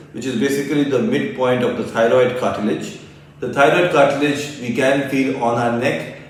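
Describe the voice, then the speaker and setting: Calm man lecturing in an echoey room. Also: mid-range voice. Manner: calm, explanatory. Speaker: ENT doctor teaching. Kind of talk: educational lecture. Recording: echoey room, voice from far off mic.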